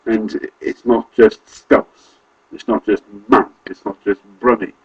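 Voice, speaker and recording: A man's voice: on the low side, flat delivery, takes it slowly, breathy edge, lo-fi sound. A man from Wales with a Carmarthenshire accent, talking casually to camera in a rambling, self-correcting way. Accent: Welsh, Carmarthenshire. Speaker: vlogger.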